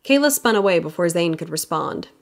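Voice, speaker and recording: This audiobook narrator is a woman with a somewhat low voice for her sex, moving briskly through a plain scripted read. Her storytelling remains even and steady throughout.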